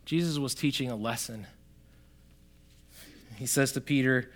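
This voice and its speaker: A man preaching a sermon, talking straight to the congregation, swinging from loud emphatic bursts to quiet, soft lines. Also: mid-range voice, unhurried, pauses often. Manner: conversational, addresses the congregation directly. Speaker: pastor.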